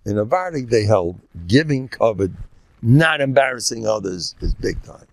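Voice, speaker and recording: Gravelly older man giving a lively lecture. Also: moderate pace. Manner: animated, jumps into high-pitched mock dialogue. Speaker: rabbi. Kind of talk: Torah lecture.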